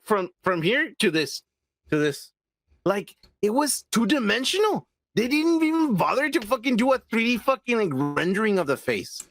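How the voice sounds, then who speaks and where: A man in casual podcast chat, rambling and swearing, packing his sentences with filler words. His pitch swings around animatedly, and the recording sounds dry and close. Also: fairly bright tone, no room sound. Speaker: podcast co-host.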